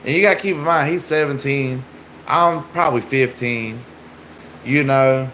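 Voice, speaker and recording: A man's voice: medium pitch, moderate pace, a bit bright, a little hiss or hum. A man casually telling a story, rambling and filling gaps with "like" and "you know".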